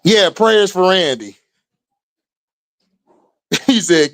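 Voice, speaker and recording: A man's voice: high-pitched, big pitch swings, takes it slowly, fairly bright tone, smooth. A man hosting a livestream, casually commenting and reacting to chat, drawling and laughing often in slangy talk. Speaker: livestream host.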